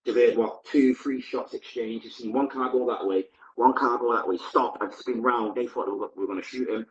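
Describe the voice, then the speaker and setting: A man's voice: mid-range voice, fairly even intonation, brisk, roomy sound, muffled recording. A man, a podcast guest, recounting his past in a candid, vivid, blunt present-tense way. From Manchester, England. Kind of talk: personal storytelling.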